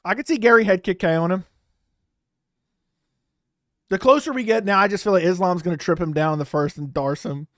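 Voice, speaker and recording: A young man hosting a live fight watch-along, talking casually and animatedly, swearing, repeating himself and breaking into loud outbursts. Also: high-pitched, fairly quick, long pauses, dry recording, studio quality. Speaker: host reacting to a live fight.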